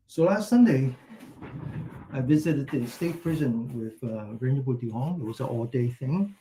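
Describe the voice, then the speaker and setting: A man with a warm, mellow voice guides a meditation class in a gentle, instructing way. He stretches out his breathing and posture cues slowly. Between exercises he drifts into relaxed, chatty storytelling. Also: medium pitch, a little hiss or hum. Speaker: meditation teacher.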